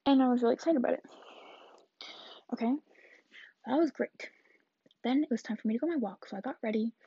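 A woman's voice: a little high, quick pace, vocal fry, dark tone, husky, no room sound, dull audio. An eighteen-year-old woman chatting through a rambling vlog story, often dropping into whispered asides. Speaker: vlogger.

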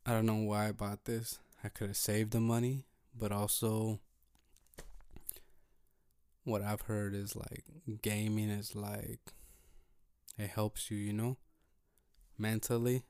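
A man hosting his own podcast, talking slowly and calmly while thinking aloud, in a laid-back, low-energy way. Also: smooth, dry recording, clean studio sound. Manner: slow, calm, thinking aloud. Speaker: podcast host. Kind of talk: solo motivational podcast talk.

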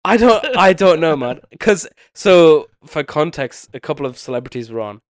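A young man with a blocked, nasally voice, worn down by a cold and a sleepless night. He rambles through a casual podcast chat and loses his thread at times. His voice is smooth and clear, recorded close and dry with no room sound. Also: fairly high pitch, big pitch swings, moderate pace, no room sound. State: sick with a bad cold, sleepless. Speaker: podcast co-host.

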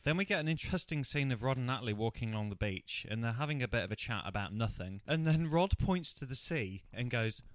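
A man co-hosting a casual film review chat, sarcastic and quick to laugh, often quoting characters in a mocking tone. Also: mid-range voice, expressive, no echo, clean studio sound. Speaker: podcast co-host reviewing a film.

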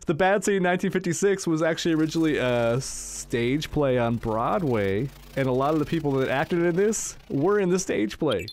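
A man's voice: a little high, moderate pace, hardly any pauses, a little mellow. A man co-hosting a podcast in casual chat, laughing often between his remarks. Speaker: podcast co-host.

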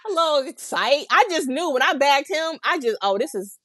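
A woman's voice: high voice, moderate pace, a bit bright, no echo. A young woman in casual chat, telling a vivid, profane story about her year.

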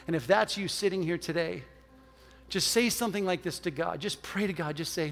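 A man preaches a sermon in a church, his voice sitting fairly high. He speaks earnestly, pressing his listeners with building emphasis and then easing into prayer. The sound carries the long reverb of a large sanctuary. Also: fairly quick, vocal fry, a bit bright, faint music behind. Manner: earnest, storytelling, rising to emphatic exhortation. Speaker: pastor. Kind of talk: sermon with altar call and prayer.

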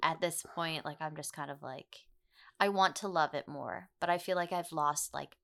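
Low gravelly woman chatting casually. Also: normal speed, a bit bright. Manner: chatty, laughs often, trails off mid-sentence. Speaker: podcast guest. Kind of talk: casual chat.

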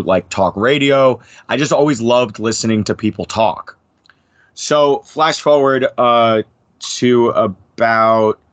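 A man's voice: mid-range voice, no room sound. A man in his thirties from New Jersey with an American accent, a podcast guest chatting casually, swearing a lot and rambling through his stories. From New Jersey, USA. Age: 30s. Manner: profane, rambling, lively impressions. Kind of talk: casual chat.

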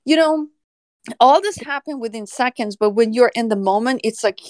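A woman animal services officer recounts a story in a casual podcast chat, her voice sitting high. She laughs often as she goes, and the sound is close and dry. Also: normal speed, a little mellow, no room sound.

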